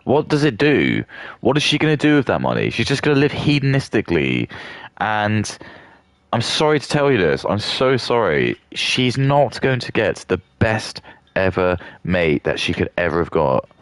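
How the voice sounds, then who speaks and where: A deep-voiced man rants through a casual live stream, swearing freely and rambling from point to point. His voice has a gravelly edge, and his pitch swings widely as he talks. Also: big pitch swings, moderate pace, dry recording. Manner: rambling, profane, heated ranting.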